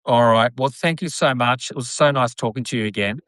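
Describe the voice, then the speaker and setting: Brief: male host, bright tone, dry close sound, loose chatty rambling. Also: mid-range voice, a little fast, no echo. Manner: rambling, lots of fillers and repeated yeahs. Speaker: podcast host. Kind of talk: casual chat on a live video.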